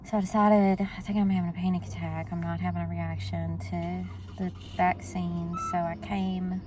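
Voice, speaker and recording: A woman's voice: fairly low pitch, level tone, normal speed, background noise. A woman, chatting casually to her viewers in a vlog. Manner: chatty, talks straight to viewers. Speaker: vlogger.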